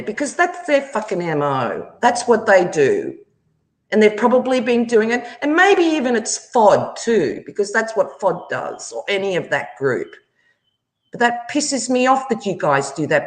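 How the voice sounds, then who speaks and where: A woman's voice: medium pitch, reverberant. A woman, hosting a livestream and angrily confronting someone, swearing often. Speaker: livestream host. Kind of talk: angry livestream rant.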